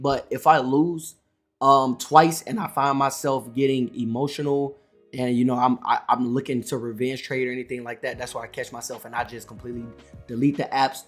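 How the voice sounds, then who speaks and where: A man who runs a trading channel, talking to camera in a loose, rambling way, full of "all right" and "you know" and restarts, a little wired after a big coffee. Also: mid-range voice. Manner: energetic, rambling, self-correcting, says "all right" and "you know" a lot. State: amped up on coffee. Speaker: day trading YouTuber. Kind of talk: casual to-camera trading advice.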